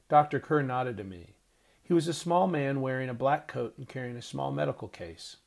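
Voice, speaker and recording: A man's voice: medium pitch, creaky. Man narrating an audiobook. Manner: measured, expressive reading. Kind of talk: scripted narration.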